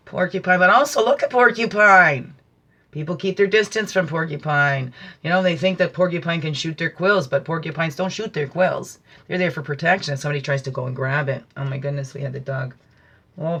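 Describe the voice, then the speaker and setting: A woman hosting a spiritual teaching talk, speaking in a meandering, reflective way with musing asides and slow, drawn-out emphasis on key phrases. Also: deep voice, a bit bright. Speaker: host.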